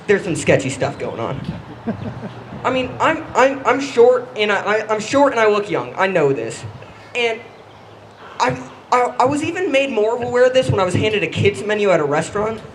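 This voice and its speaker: Young guy doing standup, high voice bouncing all over, keeps tripping over his words. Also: a little hiss or hum, low-quality recording. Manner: halting, self-deprecating, stumbles and restarts. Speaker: stand-up comedian. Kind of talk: stand-up comedy set.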